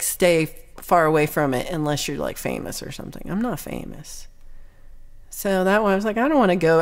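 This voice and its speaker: A young woman with a fairly low voice chats casually with her livestream viewers. She reads their comments aloud in a rambling, playful way, full of ums and little laughs.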